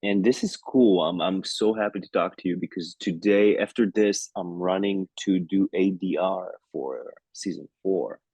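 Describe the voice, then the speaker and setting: Deep-voiced Israeli man, playful interview talk. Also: moderate pace, few pauses, darkish tone, breathy edge, no echo. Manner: playful, many fillers and restarts. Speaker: actor guest. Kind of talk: casual interview over video call.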